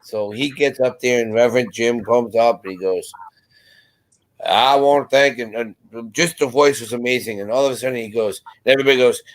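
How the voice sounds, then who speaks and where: A man chatting on a video call, telling lively anecdotes and putting on voices for the people in them. His voice sits at an ordinary pitch for a man. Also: fast, few pauses. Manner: animated storyteller, acts out quotes. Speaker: panel guest. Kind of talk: casual chat.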